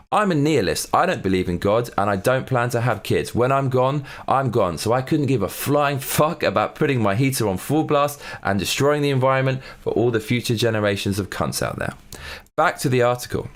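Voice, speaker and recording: A man's voice: mid-range voice, lively intonation, brisk. A man with a mid-range voice hosts a comedy news show. He reads articles aloud and tears into them with swearing, sarcasm and mockery. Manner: profane, ranting, mocking.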